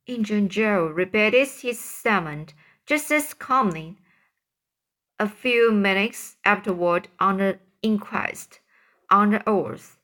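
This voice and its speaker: Slow, halting woman reading aloud. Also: mid-range voice, a bit bright. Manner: halting, restarts on hard words. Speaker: reader. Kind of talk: reading a classic novel aloud.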